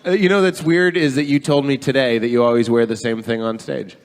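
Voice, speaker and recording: A man's voice: mid-range voice, little pitch movement. A man hosting a live comedy podcast on stage, teasing his guests and laughing often. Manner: giggly, teasing, quick to laugh. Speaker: podcast host. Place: live theater stage with audience. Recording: live stage recording with clear background noise.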